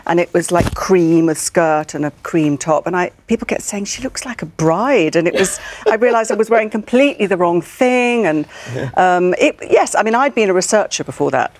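An older woman recalls her early career with self-deprecating humour. Her voice sits a little low and swings widely as she tells it, lively and animated. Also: a little fast. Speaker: former newsreader guest. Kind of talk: studio guest chat with anecdotes.

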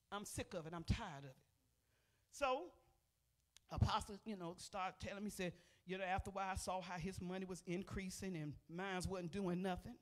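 An older woman preaching a personal testimony from a church pulpit. She speaks in a folksy, conversational way and keeps calling out to the congregation. Her voice jumps from loud, emphatic bursts to near-murmured asides. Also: mid-range voice. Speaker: pastor. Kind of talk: testimony sermon. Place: church sanctuary.

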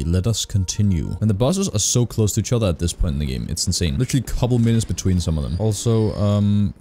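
A young man giving casual, excitable gameplay commentary as a streamer, swearing often. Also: lowish voice. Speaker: gaming streamer.

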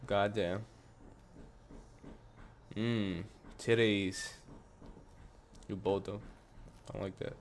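A man's voice: lowish voice, steady tone, extremely slow, pauses often, slight background noise. A man giving loose, profane commentary as he plays a horror game, jumping at scares and talking back to what he sees on screen. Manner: profane, jumpy reactions, talks back to the game. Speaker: gameplay commentator. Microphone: headphones on, desk mic.

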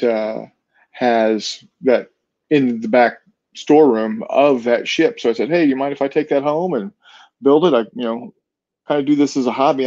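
A man co-hosting a board game show, speaking in a hesitant casual way with many pauses and fillers. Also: medium pitch, dark tone, dry recording. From Kansas City area. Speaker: co-host. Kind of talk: casual chat. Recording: dull, dry lo-fi sound.

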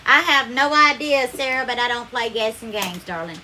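A woman's voice: fairly high pitch, animated, normal speed, sharp tone, a little hiss or hum. A woman with a Southern accent hosting a live cooking stream, chatting effusively and calling viewers darling as she thanks them by name. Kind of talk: casual live-stream chat and cooking demo.

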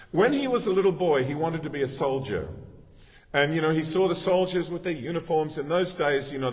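A middle-aged male pastor giving a sermon in a conversational, storytelling way, often restarting his sentences. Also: mid-range voice. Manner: conversational, anecdotal preaching with frequent restarts. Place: church. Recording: long reverb of a church hall.

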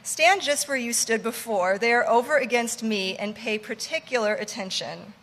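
A woman's voice: a little high, normal speed, in a large hall. A woman doing a brash, bossy ship's mate. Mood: bossy teasing. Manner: loud, teasing, commanding.

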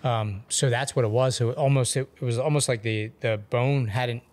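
A man's voice: medium pitch, steady tone, normal speed, a little mellow. A man co-hosting a podcast, chatting casually, asking questions and chiming in often. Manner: engaged, asks questions, backchannels a lot. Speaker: podcast co-host. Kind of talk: casual chat.

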